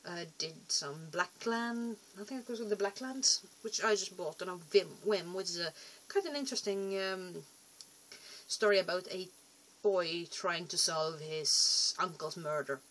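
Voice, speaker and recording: Rambling woman vlogger, lowish voice. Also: measured pace, a bit bright. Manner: chatty, rambling, self-deprecating, trails off and restarts. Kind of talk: rambling casual vlog.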